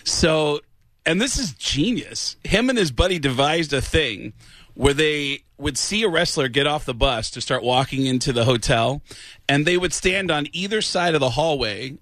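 Man telling animated stories in a dry studio. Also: dry recording. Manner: animated storyteller, jumps into high voices for quotes. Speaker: comedian guest. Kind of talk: casual radio interview chat. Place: radio studio.

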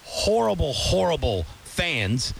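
A man's voice: fairly high pitch, very animated, slow, vocal fry, slight background noise. A man hosting a sports talk show, ranting heatedly about rival fans. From Tampa area. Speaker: radio show host.

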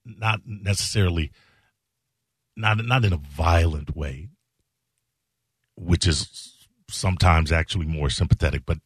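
Slow, deep-voiced man telling a personal story. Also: breathy edge, no room sound, clean studio sound. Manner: slow, halting and earnest, with emphatic repetitions. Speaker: show host.

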